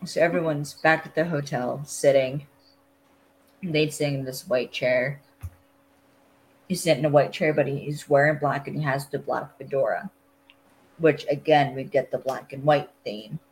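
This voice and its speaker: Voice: medium pitch, fairly even intonation, moderate pace, a little hiss or hum, rough recording. Rambling podcast host recapping an episode. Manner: rambling, filler-heavy storytelling.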